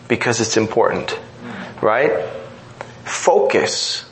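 A man's voice: mid-range voice, fairly bright tone, slight background noise, low-quality recording. A man preaching a sermon in an earnest, emphatic way, driving points home through repetition. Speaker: pastor.

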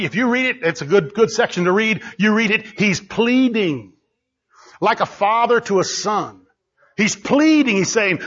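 A man preaching a sermon, driving his points home with repetition and bursts of shouting. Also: high-pitched, husky. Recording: dull lo-fi recording.

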